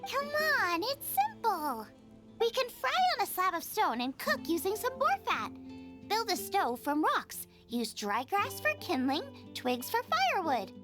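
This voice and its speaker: A woman's voice: extremely high pitch, wildly swooping pitch, unhurried, over music, full character voice. A woman voicing a cheerful, food-obsessed young female chef in a game. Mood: eager. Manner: bubbly, eager, food-obsessed.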